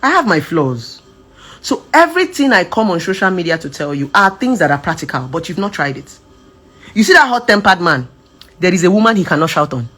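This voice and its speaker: Husky woman telling her story. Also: on the low side, brisk, faint music behind. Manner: animated, emphatic, switches between shouting and soft quoted voices. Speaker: social media advice speaker. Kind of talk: casual personal testimony.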